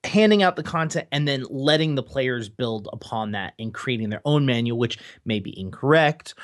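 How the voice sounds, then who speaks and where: A man's voice: medium pitch, expressive, normal speed. A man co-hosting a gaming podcast, chatting in a laid-back way and swearing freely. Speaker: podcast co-host. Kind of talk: casual chat.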